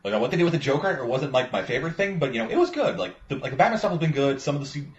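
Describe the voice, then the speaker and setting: A man's voice: fairly high pitch, big pitch swings, very fast, slight background noise. Rambling, profane man in a roomy room. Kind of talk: casual movie chat. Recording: roomy, muffled recording with faint ambience.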